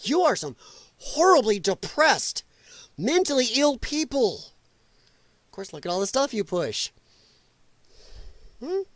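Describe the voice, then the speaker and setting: Man hosting a political livestream: a profane, mocking rant, with a pitch that jumps all over and a dry, close sound. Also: sing-song, measured pace, long pauses, fairly bright tone, no room sound. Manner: profane and mocking, with sarcastic asides; laughs at his own jokes. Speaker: political commentary show host.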